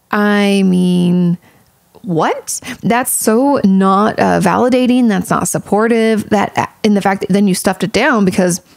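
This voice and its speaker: Chatty, frank woman with a gravelly edge. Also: mid-range voice, unhurried, a little mellow, dry recording. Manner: chatty, frank, swears casually, many fillers. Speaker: podcast host and therapist. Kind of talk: casual advice podcast.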